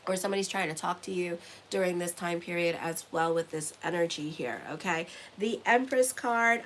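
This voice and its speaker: A woman with a mid-range voice gives a casual tarot reading to her viewers, rambling and chatty and often ending lines with "okay?". She's a tarot reader and astrologer, and the low-quality recording has slight background noise.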